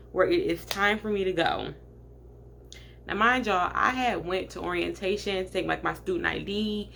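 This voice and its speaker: A woman's voice: fairly low pitch, creaky, a bit bright, a little hiss or hum. Chatty young woman telling a story. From Michigan. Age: late 20s. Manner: chatty, filler-heavy storytelling, addresses viewers directly. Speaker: vlogger. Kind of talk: storytime vlog.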